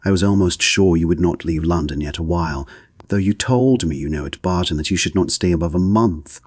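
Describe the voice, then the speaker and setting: A man's voice: low-pitched, fairly quick, darkish tone, slightly rough, no echo. A man doing a gushing sly young woman. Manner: effusive, pointed emphasis.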